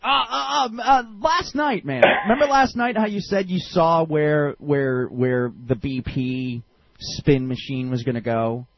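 A man hosting a casual political radio chat, animated, stammering and swearing freely. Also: fairly high pitch, a little slow, no echo. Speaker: radio show host. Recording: dull lo-fi sound.

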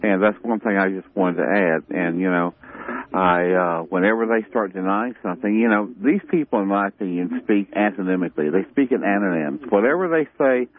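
Deep-voiced male caller on a phone line. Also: brisk. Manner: earnest and plainspoken, with many "you know"s. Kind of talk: call-in chat. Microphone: telephone.

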